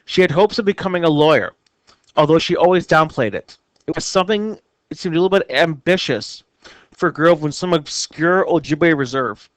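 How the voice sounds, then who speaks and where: A male teacher reading a novel aloud to his class in steady narration with small slips. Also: a little high, normal speed, no room sound.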